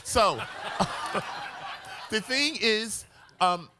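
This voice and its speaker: Flamboyant lively-voiced American man. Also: very slow, noisy background. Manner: flamboyant and theatrical, swooping pitch. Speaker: exhibition curator on a panel. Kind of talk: lively panel talk. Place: museum event hall with audience.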